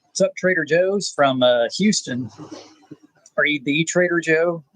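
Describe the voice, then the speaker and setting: A man, hosting a rambling live chat with viewers, pausing often with "uh". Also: on the high side, a bit bright, dry recording, rough recording. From South Texas. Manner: laid-back, rambling, frequent "uh" pauses. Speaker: channel host.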